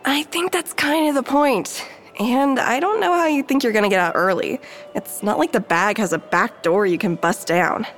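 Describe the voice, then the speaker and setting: An actress playing a sardonic young woman who teases her companion in a dry, deadpan way. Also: on the high side, normal speed, close to an everyday voice. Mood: dry teasing.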